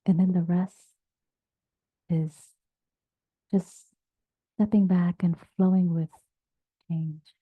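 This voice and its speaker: Slow, gentle woman meditation teacher. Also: lowish voice, little pitch movement, dry recording. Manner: gentle, halting, drops to near-whisper. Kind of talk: dharma talk. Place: meditation group session, also on video call. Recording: tinny phone-like sound.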